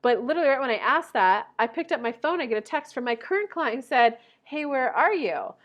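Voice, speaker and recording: A woman in her thirties talks straight to her viewers in a loose, chatty coaching style. She is animated, acting out the voices of people she met. Her voice sits a little on the high side. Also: fast, dull audio. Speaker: life and manifestation coach. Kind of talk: casual talking-head vlog.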